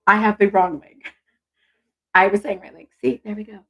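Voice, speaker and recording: A woman with a gravelly, husky voice hosts a relaxed livestream, chatting warmly and affectionately with her viewers. Her pitch sits at an ordinary middle height. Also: moderate pace. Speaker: intuitive reader and livestream host. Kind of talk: casual livestream chat.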